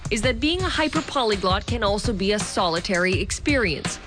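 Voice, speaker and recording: A woman reading a scripted news feature narration in a measured voice, with music behind her. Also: mid-range voice, animated. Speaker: narrator, reporter.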